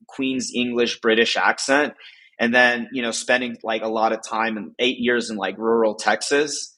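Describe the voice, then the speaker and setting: A man's voice: mid-range voice, a bit bright. A man from the United States chatting casually as a podcast guest, rambling with lots of fillers and frequent laughs.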